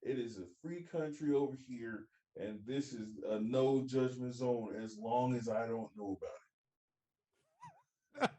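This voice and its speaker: A man's voice: medium pitch, measured pace, dark tone, reverberant, low-quality recording. A young man hosting a podcast, talking bluntly and profanely in casual banter and laughing as he talks. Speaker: podcast host.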